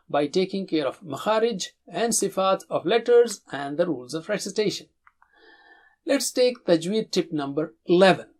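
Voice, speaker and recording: A man gives a Tajweed lesson, speaking in a fairly high voice. He stretches each syllable and says it with emphasis, then has the listener repeat after him. His explanations in between come at an even, instructive pace. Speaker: Quran recitation teacher.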